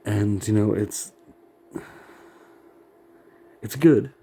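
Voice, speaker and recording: A man's voice: fairly low pitch, very slow, dark tone, breathy edge. A middle-aged man rambling in a profane, self-critical monologue, laughing often and sounding worn out.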